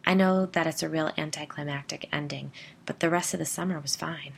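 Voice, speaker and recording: A woman voicing a grown man who quietly recounts a childhood haunting, in a hushed, half-whispered storytelling voice. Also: deep voice, steady tone, a little fast, gravelly. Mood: solemn. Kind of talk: storytelling narration.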